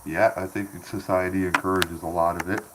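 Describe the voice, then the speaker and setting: A man's voice: low voice, flat delivery, fairly quick, background noise. A man chatting casually on a morning live stream, rambling and laughing often. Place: home by a window.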